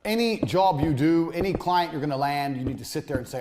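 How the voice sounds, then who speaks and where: A man's voice: on the high side, lively intonation, a little fast, few pauses. A man teaching a recorded business course in a blunt, emphatic way, swearing freely. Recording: loud background noise.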